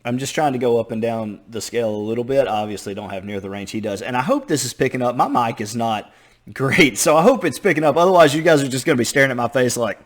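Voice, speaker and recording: A man hosting a reaction video, excitable and self-deprecating while trying to sing bass. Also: rapid-fire, few pauses. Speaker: video host reacting to a lesson. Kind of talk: casual reaction commentary.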